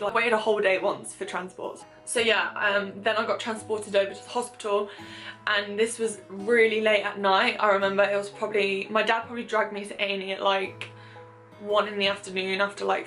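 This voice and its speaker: A woman's voice: medium pitch, flat delivery, normal speed, a bit bright, faint music behind. A young British woman talking candidly in a casual vlog, chatty with many fillers, swearing and self-mocking asides. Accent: British English. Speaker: vlogger. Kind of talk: casual confessional chat.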